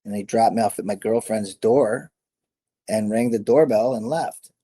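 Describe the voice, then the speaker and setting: A man's voice: fairly low pitch, normal speed, dark tone, husky. A middle-aged man, a former fighter, telling stories in a casual interview, rambling, correcting himself and laughing often. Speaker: guest, former MMA fighter.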